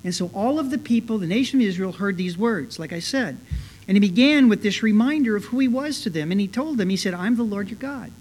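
A man's voice: high voice, animated, quick pace, a little mellow, a little hiss or hum. A man preaching an expository sermon as a pastor, talking conversationally with frequent fillers and restarts, growing earnest when he stresses a point. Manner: conversational, many "you know" fillers and restarts; earnest, rising with emphasis.

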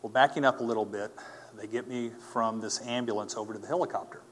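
A man telling a personal faith testimony as a story, earnest and animated, acting out the people he quotes. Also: on the low side, quick pace, slight background noise. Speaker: speaker giving a personal testimony.

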